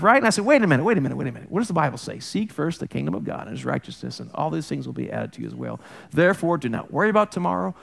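A male pastor delivers a sermon in a casual, conversational manner, with plenty of jokes and asides. His voice sits a touch higher than most men's. He often interrupts himself, apologizes and restarts. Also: creaky, a bit bright. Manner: conversational, jokey, self-interrupting.

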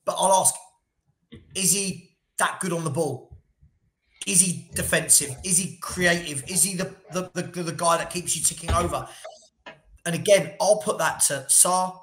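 A man's voice: fairly high pitch, unhurried, fairly bright tone, roomy sound, a little hiss or hum. A man co-hosting a casual football debate, blunt and passionate, repeating himself when heated. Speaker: football podcast co-host.

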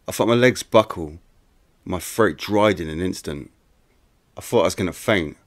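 A man reads a first-person true-crime audiobook in a plain, conversational storytelling way. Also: sits low. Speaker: audiobook narrator.

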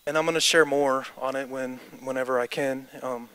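A man's voice: medium pitch, steady tone, moderate pace, pushed and bright, smooth. A man preaching a sermon and then praying, impassioned and repetitive, building to declarations. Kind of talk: sermon with closing prayer. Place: church service. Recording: music underneath. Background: music playing under the preaching.

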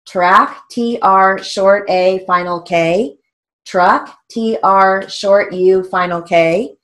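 A woman's voice: medium pitch, slow pace, fairly bright tone. A woman teaching a steno theory lesson, patiently spelling out strokes letter by letter. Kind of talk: recorded lesson.

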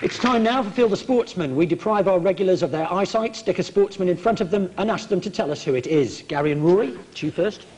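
A man hosting a comedy sports quiz, reading jokes in a wry, deadpan way. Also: high voice, quick pace, hardly any pauses, low-quality recording. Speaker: quiz show host. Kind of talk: dry comic quiz hosting. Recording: TV studio with loud audience laughter. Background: studio audience laughing.

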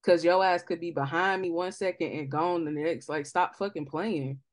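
A woman's voice: on the low side, moderate pace, dry recording. Blunt slangy young woman podcaster. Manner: blunt, slangy, emphatic storytelling. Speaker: podcast host. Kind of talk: casual chat.

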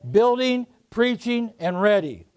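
A man preaching a sermon to a congregation, going from low, quiet storytelling up to loud shouted warnings. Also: animated, slow pace, clean tone. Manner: preaching with swings from soft to shouting. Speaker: pastor.

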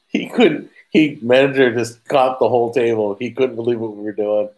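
A middle-aged man hosting a casual live chat, telling rambling stories with quick asides and laughing at his own jokes. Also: lowish voice, expressive, darkish tone, low-quality recording. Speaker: host.

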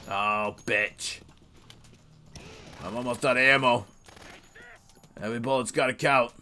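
A man giving casual, profane, excitable commentary while playing a video game. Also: medium pitch, a little slow. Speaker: let's play host.

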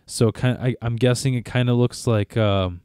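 A man's voice: mid-range voice, fairly even intonation, normal speed, a little mellow, clean tone, no room sound, clean studio sound. A man co-hosting a podcast, telling a long story in casual chat, rambling, profane and often cutting himself off mid-sentence. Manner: rambling, profane, self-interrupting. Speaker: podcast co-host.

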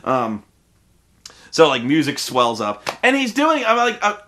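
Animated, exasperated male vlogger ranting. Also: a little high, measured pace, a little hiss or hum. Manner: exasperated, profane, many restarts and impressions. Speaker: vlogger reviewing a film. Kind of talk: casual ranting review.

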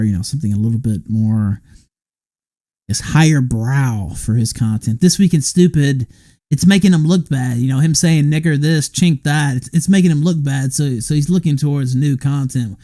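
A man's voice: medium pitch, mellow. A man hosting a live stream, asking leading questions in a sarcastic, casual way. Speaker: stream host.

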